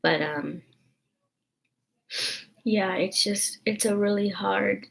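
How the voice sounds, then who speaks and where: A woman's voice: medium pitch, steady tone, slow pace, creaky, long pauses, slight background noise. A young woman vlogging in a rambling, emotional, confessional way, full of fillers. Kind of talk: casual confessional vlog chat.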